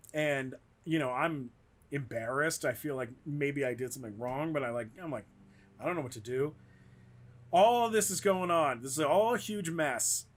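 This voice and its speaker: Rambling, animated man telling stories. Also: on the high side. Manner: rambling, animated, acts out quotes in raised voices. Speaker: guest comedian. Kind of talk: casual storytelling chat.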